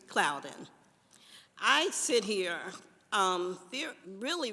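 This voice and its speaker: A woman's voice: medium pitch, bright, forceful tone. An older woman giving impassioned public testimony at a council hearing, often repeating herself as she makes her point. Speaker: public commenter. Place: council chamber. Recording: long hall reverb.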